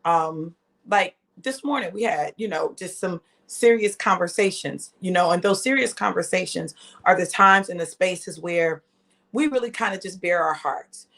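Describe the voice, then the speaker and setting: A woman in her fifties hosting a live stream, telling a family story in a chatty, animated way and talking straight to her viewers. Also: fairly low pitch, moderate pace. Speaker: host.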